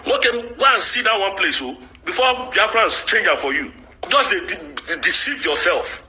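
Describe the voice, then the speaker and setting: A man delivers a furious, insulting rant. His voice is high and very bright, and his pitch leaps all over as he shouts. He scolds and hurls insults without letup. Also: big pitch swings, normal speed, low-quality recording. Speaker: political commentator. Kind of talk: angry ranting monologue.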